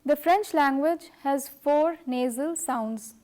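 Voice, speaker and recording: Middle-aged female language teacher, high voice, deliberate unhurried delivery. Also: warm tone. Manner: slow, careful, measured delivery. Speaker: French teacher. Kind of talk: scripted language lesson.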